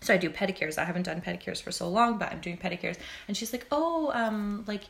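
A young woman nail technician chatting on a podcast, telling stories and acting out what people said with lively, animated quotes. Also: medium pitch, fast, gravelly. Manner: chatty storyteller, acts out quotes with lively voices. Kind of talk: casual podcast chat.

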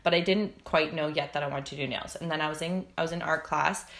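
Young female nail tech guest, bright voice, chatty storyteller who acts out every quote. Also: deep voice, fairly even intonation, fast. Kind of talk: casual podcast chat.

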